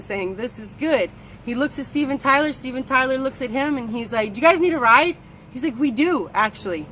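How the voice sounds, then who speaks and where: A woman coach tells a story in a lively, animated way, slipping into the voices of the people in it. Her voice sits a little high, and faint traffic hums behind her. She talks casually and loosely. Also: rough recording. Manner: animated, acts out quoted voices. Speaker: well-being coach.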